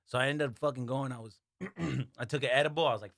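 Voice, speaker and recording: A man's voice: medium pitch, fast, fairly bright tone, dry recording, studio quality. A man as a podcast guest, telling laid-back, profane stories in casual chat.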